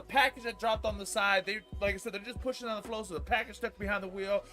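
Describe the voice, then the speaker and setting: A man in his early thirties with a fairly high, bright, forceful voice spins a rambling, swear-heavy work story on a live stream. He keeps circling back with fillers, and his voice rises hot and loud when he reaches the angry parts. Faint music plays under him. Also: fairly even intonation, fast, hardly any pauses. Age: 30s. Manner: profane, rambling, gets loud and heated telling the story. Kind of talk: casual storytelling chat.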